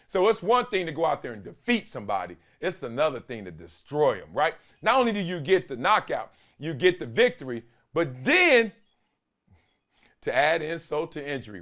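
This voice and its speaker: A man hosting a sports commentary show, talking in an animated, emphatic, slangy way and stretching words for stress. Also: fairly high pitch, normal speed. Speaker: host.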